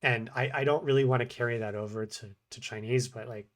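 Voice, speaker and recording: Talking through his language practice, a male vlogger is casual and hard on himself, mumbling and switching between rapid speech and slow, halting phrases. He repeats short practice lines hesitantly, in a mid-range voice with fairly even intonation.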